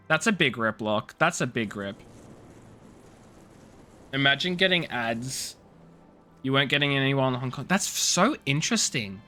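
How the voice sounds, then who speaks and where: A man's voice: medium pitch, sharp tone. A young man chatting casually with viewers while streaming a game, teasing and rambling with many restarts. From Australia. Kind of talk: casual live-stream chat.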